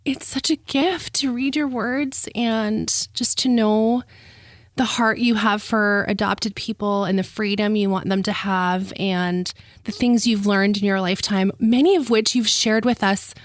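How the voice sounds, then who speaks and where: Warm-hearted woman host, effusive and teary, dry close mic. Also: medium pitch, fairly even intonation, unhurried, dry recording. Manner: gushing, emotional, laughs often. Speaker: podcast host. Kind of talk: heartfelt interview.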